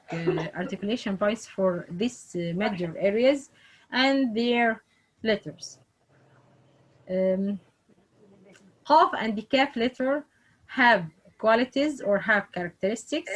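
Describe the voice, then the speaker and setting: Slow-paced woman teaching Quran recitation. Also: mid-range voice, low-quality recording. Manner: slow, repetitive explanation with non-native English phrasing. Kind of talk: online lesson.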